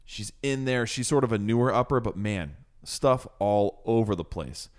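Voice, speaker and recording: A man co-hosting a podcast in casual chat, jokey and quick to slip into silly voices. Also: fairly low pitch, expressive. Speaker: podcast co-host.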